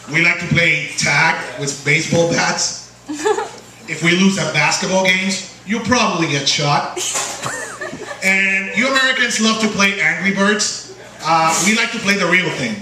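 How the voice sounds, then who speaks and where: A man's voice: high voice, noisy background. A man with a Puerto Rican accent doing a stand-up comedy set in a small bar, playful and teasing the crowd. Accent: Puerto Rican Spanish. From Puerto Rico. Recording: distant, echoey bar recording. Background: crowd laughter.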